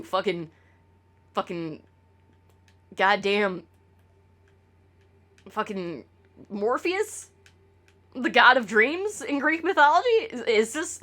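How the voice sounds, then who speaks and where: A woman's voice: mid-range voice, a bit bright. A woman streamer talking casually to her chat, rambling and swearing with lots of stammered restarts.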